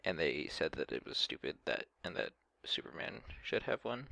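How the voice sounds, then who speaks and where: A man gives casual reaction commentary in a low, gravelly voice, stopping often to hunt for words. His pitch moves around a fair bit. The sound is dry and close to the mic. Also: sing-song, moderate pace, sharp tone, dry recording. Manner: hesitant, many ums and restarts. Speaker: reaction video host.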